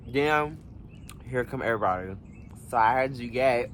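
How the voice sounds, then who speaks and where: A young man in a casual storytime vlog, animated and slangy, swearing freely and jumping into high exclamations. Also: normal speed, pauses often, a little hiss or hum. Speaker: vlogger.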